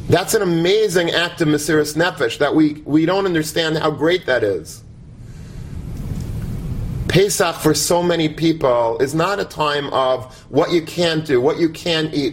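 Conversational rabbi, slightly high voice. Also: male voice, a little hiss or hum. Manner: conversational, animated, asks the audience to imagine. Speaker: rabbi giving a talk. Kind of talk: sermon.

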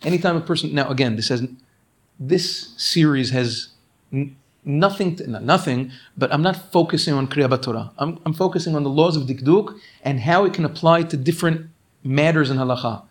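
A man with a somewhat high voice teaching a religious law class. He races through quoted passages and then slows to explain each point with earnest emphasis. He keeps calling on his listeners to pay close attention. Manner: earnest, rapid-fire reading of quoted texts then slower explaining. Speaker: Torah teacher.

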